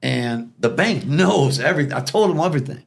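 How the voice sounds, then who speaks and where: A man's voice: a little high, gravelly, slightly rough. A man casually telling stories as a podcast guest, acting out the people in them. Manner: fast, animated storyteller acting out quoted people. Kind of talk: casual storytelling.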